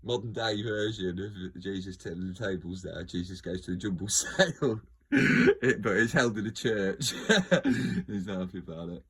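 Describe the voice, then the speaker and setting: Guy with a husky lowish voice, rambling and cracking jokes, laughs a lot. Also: very animated, moderate pace, fairly bright tone. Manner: jokey, laughs often, trails off and restarts. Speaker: video host. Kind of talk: casual rambling monologue.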